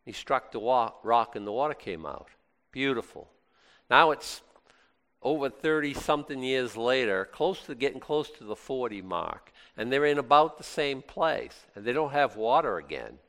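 A man preaching a sermon as a pastor, animated and conversational, full of exclamations and restarts. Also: mid-range voice, moderate pace, in a large hall.

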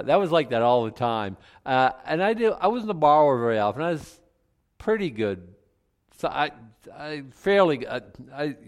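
A middle-aged male pastor preaching in a conversational way, breaking into loud emphatic outbursts. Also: mid-range voice. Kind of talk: sermon.

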